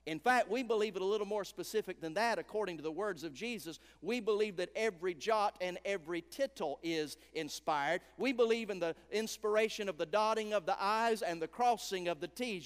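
High-voiced preacher in a reverberant church. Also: male voice, normal speed, clear, resonant tone. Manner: emphatic preaching with dramatic drops to a hush. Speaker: guest preacher. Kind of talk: revival sermon. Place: large church sanctuary.

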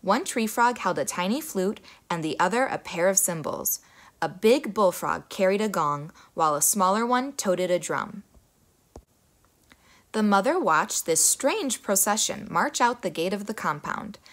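A young woman reading a children's folktale aloud, in an expressive, animated way. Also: medium pitch, unhurried. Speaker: storyteller. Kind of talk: children's story read aloud.

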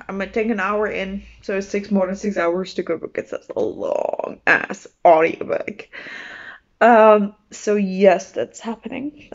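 A bubbly woman book vlogger chats on camera, gushing and rambling with quick restarts. Her voice sits at a middling pitch, and the recording sounds a little dull and lo-fi. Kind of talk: casual vlog chat.

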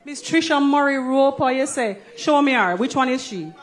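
A woman's voice: high voice, animated, moderate pace. A Jamaican woman co-hosting a church service on stage, playful and coaxing, laughing often. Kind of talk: lively stage emceeing.

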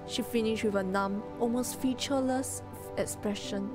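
A woman streamer reads a story aloud in a slightly high, gentle voice, keeping an even, measured pace. Clear music plays behind her narration.

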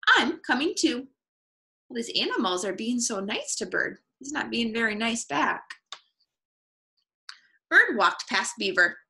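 A woman reads a picture book aloud to children, her voice bright and high and full of lively rises and falls. She takes her time and sounds every word clearly. The reading is warm-hearted and expressive. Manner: animated, expressive, slow and clear.

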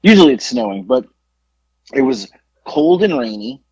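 Animated man telling a story, husky voice. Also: medium pitch, moderate pace, muffled recording. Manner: animated storyteller, acts out quotes, swears freely. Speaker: podcast co-host. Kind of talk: casual podcast chat.

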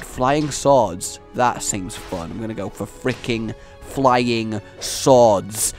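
A man hosting a let's play, rambling excitedly about the game, joking, and breaking into shouts and silly voices. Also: medium pitch, unhurried, soft background music. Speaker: gaming channel host.

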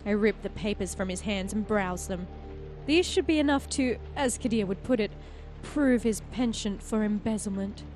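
A woman hosting a game playthrough, reading the story text aloud with expressive, storytelling delivery. Between passages she chats casually in a mid-range voice. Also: mid-range voice, faint music behind. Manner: expressive storytelling narration, quick to laugh. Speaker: player and host of a game playthrough.

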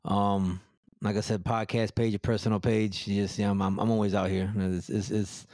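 A man's voice: on the low side, level tone, normal speed, a little mellow, no room sound. A man talking in a blunt, profane, very direct way, tripping over his own words as he restarts sentences. The sound is close and dry, with no room around him. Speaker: podcast guest. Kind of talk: blunt casual chat.

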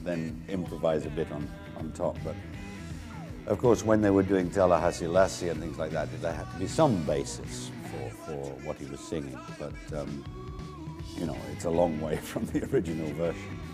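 A man, a record producer, recalling past events in a relaxed, rambling interview with many fillers. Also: extremely low pitch, moderate pace, over music. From England. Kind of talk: interview recollection.

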